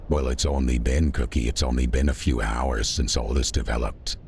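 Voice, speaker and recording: A man's voice: extremely low pitch, steady tone, moderate pace, darkish tone, slight background noise. A man streaming a video game, rambling in a chatty way and talking back to his chat. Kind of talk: livestream gameplay commentary.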